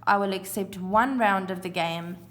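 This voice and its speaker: A woman's voice: mid-range voice, normal speed, a bit bright. A woman teaching a recorded phonics lesson to young children, sounding out letters and counting spaces aloud. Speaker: primary school teacher.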